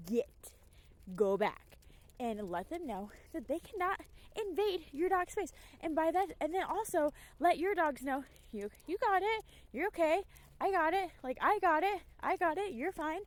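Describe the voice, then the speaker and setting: A young woman dog trainer giving casual, emphatic advice, slipping into quick acted asides. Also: on the high side, a little mellow. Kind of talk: casual talking-head advice.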